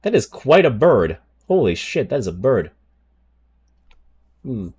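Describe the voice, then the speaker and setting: A man chatting on a live stream. His pitch is mid-range but swings widely as he talks. He swears casually, reacts to his viewers' comments, and reads game card text aloud. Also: big pitch swings, a little slow, darkish tone, breathy edge. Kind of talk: casual livestream chat.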